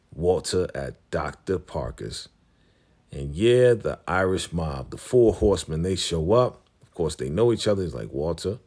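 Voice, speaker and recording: Deep-voiced man recapping a TV episode. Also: darkish tone. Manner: street slang, retells scenes with quoted lines; addresses viewers as family. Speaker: YouTube TV recap host.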